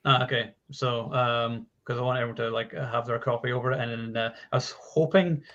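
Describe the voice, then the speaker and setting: A man's voice: medium pitch, steady tone, fairly quick, fairly bright tone, highs cut off. A man hosting a casual movie chat, talking in long runs with many fillers and restarts. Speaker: podcast host.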